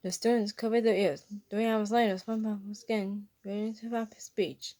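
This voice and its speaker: A woman narrating a homemade fan story. Her reading is halting, with frequent slips and restarts over the words. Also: medium pitch, little pitch movement, warm tone. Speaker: reader. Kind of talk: fan fiction read-aloud.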